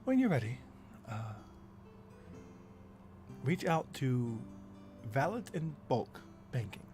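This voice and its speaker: Wealthy mother character, measured and businesslike, voiced by a man in his own voice in a tabletop game. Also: medium pitch, big pitch swings, darkish tone, faint music behind. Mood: calm. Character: calm wealthy middle-aged mother.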